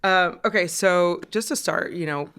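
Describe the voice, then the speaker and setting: Low, smooth-voiced giggly woman host. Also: unhurried, fairly bright tone. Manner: giggly, gushing. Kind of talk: casual interview.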